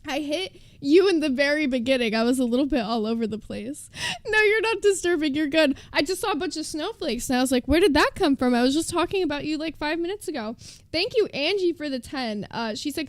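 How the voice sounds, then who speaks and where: A woman's voice: high-pitched, animated, a little fast, dry recording. A woman livestreamer chatting casually with her viewers, joking and reading definitions aloud. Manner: chatty, joking, reads terms aloud to chat. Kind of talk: casual stream chat.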